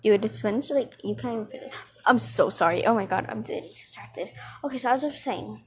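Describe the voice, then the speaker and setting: A woman's voice: mid-range voice, fast, darkish tone, slight background noise, poor audio. A teenage girl chatting casually to her viewers in a rambling, distracted way, full of fillers, with a dry throat. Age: teens. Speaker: vlogger.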